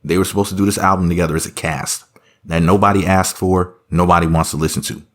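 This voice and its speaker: A man's voice: low-pitched, steady tone, fast talker. A man giving casual reaction commentary, rambling and sarcastic, full of offhand asides.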